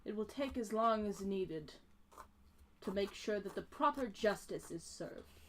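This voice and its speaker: A woman voicing a stern high elf woman who leads the city guards, speaking formally and with command. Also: animated, unhurried, a bit bright, slight background noise.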